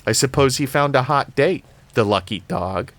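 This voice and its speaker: A man's voice: mid-range voice, expressive, moderate pace, a bit bright, no echo, pitched above the performer's own voice, close to an everyday voice. A man voicing a wisecracking, jumpy teenage girl babysitter in a read-aloud story, with sarcastic quips.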